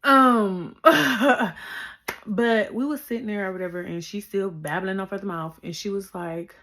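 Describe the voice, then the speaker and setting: A young woman telling a personal story to camera in a relaxed, chatty way. She talks in slang, loops back on her own words and breaks off into lively asides. Her voice sits at an ordinary middle pitch for a woman. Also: unhurried, slight background noise. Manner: chatty, repeats herself, slangy, animated asides. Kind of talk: casual storytime vlog.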